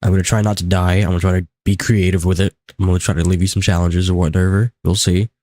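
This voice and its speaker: Freshly awake and groggy, a young male livestreamer rambles casually and talks to himself while playing a live game. His low, darkish voice stays level at a quick pace, captured dry on a desk mic at his home setup.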